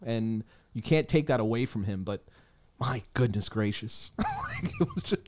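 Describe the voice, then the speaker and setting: A man's voice: lowish voice, measured pace, darkish tone. A man co-hosting a casual sports podcast, joking around and laughing often. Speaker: podcast co-host.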